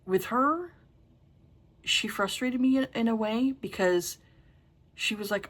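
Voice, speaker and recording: A woman's voice: medium pitch, measured pace, long pauses, a bit bright. A middle-aged woman reviewing books in casual chat, blunt and exasperated, with a habit of swearing. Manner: frank, exasperated and profane. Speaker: book reviewer.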